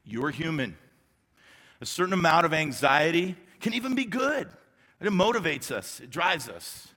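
A male pastor delivers a sermon in a large church sanctuary, his voice bright and forceful and pitched a little high. He talks to the congregation in a conversational way, leaning on emphatic repetition, with a light touch of humor. A long reverb trails every phrase. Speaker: executive pastor.

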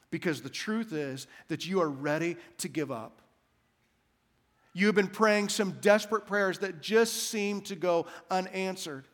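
A man preaching a sermon as senior pastor, repeating key phrases in a slow, emphatic cadence. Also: sits high, fairly bright tone, big-room sound.

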